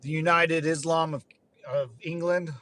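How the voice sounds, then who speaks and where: Driving along, a young man who served in the Marines talks in a loose, rambling way, cursing and tossing in laughing asides now and then. He speaks unhurriedly with a fairly high pitch, a steady tone, and a sharp edge.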